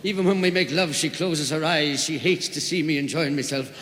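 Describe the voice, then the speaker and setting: A jovial man doing live stand-up comedy, his voice a touch higher than most men's. He leans into each punchline. The sound rings through a large hall with a long reverb and faint noise behind. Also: fairly even intonation, brisk.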